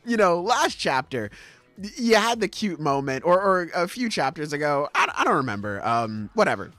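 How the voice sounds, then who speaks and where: Animated, laughing podcast host. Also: medium pitch, moderate pace, no room sound, soft background music. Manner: animated, profane, laughs a lot. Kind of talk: casual chat recapping comics.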